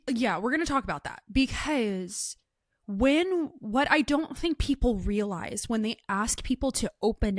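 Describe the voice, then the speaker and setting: A woman hosting a casual interview, telling personal stories in an animated way and acting out the voices of the people in them. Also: a little high, dry recording, studio quality. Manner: animated storyteller, acts out quoted voices. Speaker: host.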